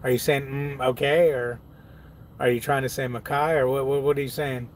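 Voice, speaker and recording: A man's voice: medium pitch, level tone, a little fast, a little mellow, slight background noise. A truck-driving man in casual live-stream chat, laid-back, laughing often and reading viewer comments aloud. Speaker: truck driver vlogger.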